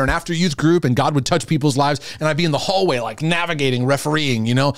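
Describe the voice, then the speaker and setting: A middle-aged man, a host who used to be a youth pastor, talks fast in a fairly high voice to a camera in front of him. The recording has no echo, and his casual, reflective speech is full of repetition, restarted phrases, and chuckles.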